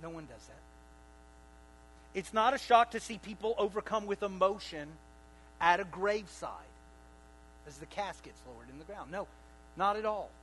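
A high-pitched male pastor delivers an animated sermon, climbing to loud emphatic lines and then dropping to hushed asides. He keeps checking in with the congregation through questions. A faint electrical hum sits under the recording. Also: normal speed, long pauses, low-quality recording. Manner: animated preaching, rising to loud bursts and dropping to quiet asides.

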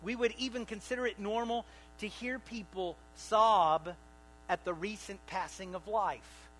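A man preaching a sermon to a congregation. He swings between loud bursts and quiet asides, and keeps asking the room questions. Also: high voice, fairly even intonation, a little slow, a little hiss or hum, low-quality recording. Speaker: pastor.

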